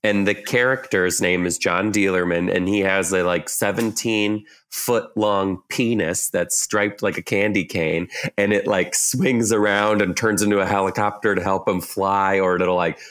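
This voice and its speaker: Young man, podcast co-host, slightly low voice, animated, joking. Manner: animated, jokey, quick asides. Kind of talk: casual chat.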